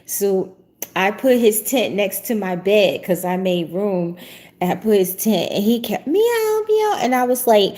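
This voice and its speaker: A woman's voice: medium pitch, a little slow, a little mellow. A middle-aged woman hosting a prophetic talk show, chatting casually and laughing often. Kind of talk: casual livestream chat.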